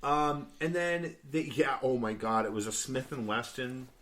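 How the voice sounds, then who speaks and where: A man's voice: mid-range voice, a little slow, a crowd in the background. A young man co-hosting a podcast, rambling through a news story with a laugh in his voice. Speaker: podcast co-host. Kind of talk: casual podcast banter.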